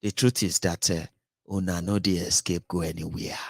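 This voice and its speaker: A man from Nigeria with a Nigerian accent, hosting a political commentary show in an animated, mocking monologue that mixes English, Pidgin and Yoruba. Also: deep voice, moderate pace, vocal fry, no room sound, studio quality.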